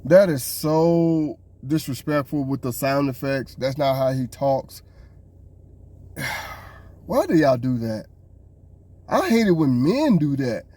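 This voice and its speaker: A man's voice: mid-range voice, animated, slow, long pauses, dark tone, dry recording. Fed-up podcast guy ranting, aave, voice jumps all over, dry close sound. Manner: exasperated, ranting. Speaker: podcast co-host. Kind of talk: casual reaction commentary.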